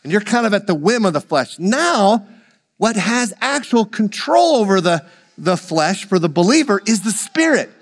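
A man's voice: high voice, very animated, moderate pace, big-room sound. A man preaching a sermon, leading the congregation in call-and-response and joking with them. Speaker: pastor.

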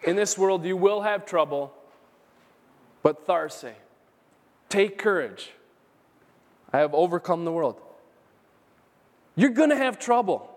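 A man's voice: high-pitched, expressive, slow pace, long pauses. A man pastor preaching an earnest, emphatic sermon in a church, repeating key phrases for emphasis. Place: church sanctuary. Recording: long hall reverb.

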